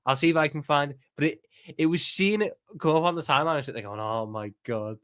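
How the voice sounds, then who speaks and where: A man's voice: a little high, racing, fairly bright tone. A man with a Scouse accent, co-hosting a football watchalong in casual, sweary, joking banter. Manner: blunt, sweary, jokey banter. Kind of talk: casual chat.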